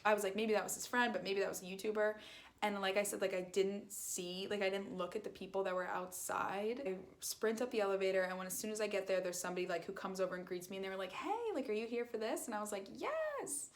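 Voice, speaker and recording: A woman's voice: mid-range voice, fairly even intonation, quick pace. A young woman telling a casual storytime, rambling with lots of fillers and acting out quoted lines. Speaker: vlogger.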